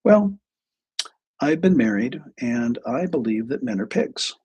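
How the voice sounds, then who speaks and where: A man's voice: mid-range voice, very animated, measured pace, a little mellow, breathy edge. A man putting on the voice of an exasperated wealthy woman client in her forties.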